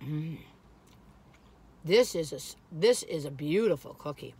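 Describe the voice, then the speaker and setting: A woman's voice: deep voice, expressive, a little slow, warm tone, breathy edge. An older woman, rambling in a folksy, exclamatory way while reviewing cookies on her vlog. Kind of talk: casual chatty food review.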